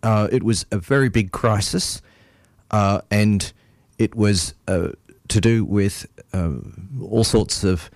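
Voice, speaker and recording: A man hosting a radio folk music show, talking casually with many pauses and fillers. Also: lowish voice, dry recording. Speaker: radio host.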